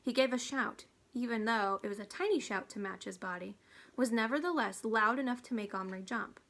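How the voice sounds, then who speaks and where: Woman, storybook read-aloud, somewhat high voice, steady, hushed at times. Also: fairly quick. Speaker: reader.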